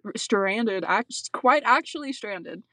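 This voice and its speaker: A young woman co-hosting a podcast, chatting casually with quick joking reactions and questions. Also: medium pitch, animated, a bit bright, no echo. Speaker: podcast co-host. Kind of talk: casual chat.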